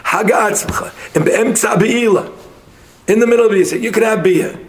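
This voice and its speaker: A man with a somewhat high voice works through a Talmud passage with a study partner. He argues fast and insistently. His English is dense with Hebrew and Aramaic terms. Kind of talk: casual Talmud study session.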